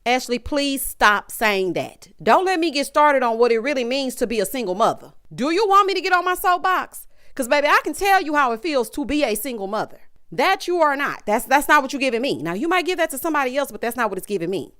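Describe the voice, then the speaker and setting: Sassy animated woman recapping TV. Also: high-pitched, a little fast. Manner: sassy, animated, mimics cast members in quoted voices. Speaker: recap commentator. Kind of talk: casual reality-show recap commentary.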